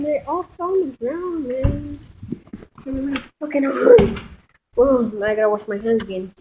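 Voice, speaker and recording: A woman's voice: sits high, takes it slowly, warm tone, slight background noise, low-quality recording. A woman vlogging casually at home in her kitchen, rambling, swearing and giggling as she talks.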